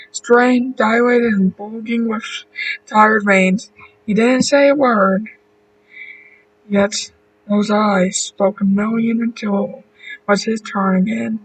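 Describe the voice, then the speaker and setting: A man narrates a horror story at an unhurried, careful pace, sometimes going back over a word. His voice is high and bright. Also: far from the mic, low-quality recording. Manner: slow, deliberate reading with small restarts.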